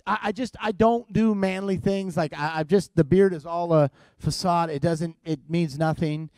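A middle-aged man preaching in a comic storytelling way, self-deprecating and full of halting restarts. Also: high-pitched, fairly even intonation, darkish tone, no echo, clean studio sound. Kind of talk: comedic sermon storytelling.

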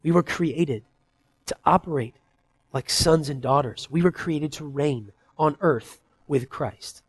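A man in his thirties preaching a sermon, earnest and conversational, swinging between loud emphasis and soft, quiet asides. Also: on the high side, slow, slightly rough. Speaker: pastor.

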